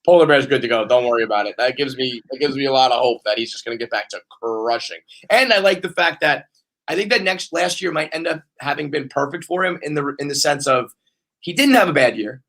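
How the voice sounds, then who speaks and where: A male podcast host in loose, rambling conversation, animated and quick to swear. His voice is bright and ringing, a little higher than most men's. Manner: animated, profane, riffing. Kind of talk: casual sports chat.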